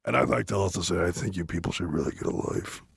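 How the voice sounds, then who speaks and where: A man giving a rambling, deadpan comic monologue full of restarts and asides, close to the mic. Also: low voice, fast, gravelly, a little hiss or hum. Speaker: comedian doing a parody reading.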